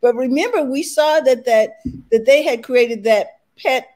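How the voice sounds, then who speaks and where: Woman host, high voice, chatty and storytelling. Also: measured pace, darkish tone. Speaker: show host. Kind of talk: casual panel discussion.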